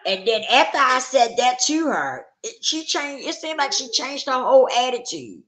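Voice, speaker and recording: A woman's voice: sits high, very animated, normal speed, fairly bright tone. A woman vlogger talking candidly and emphatically to her viewers in casual chat, swearing freely.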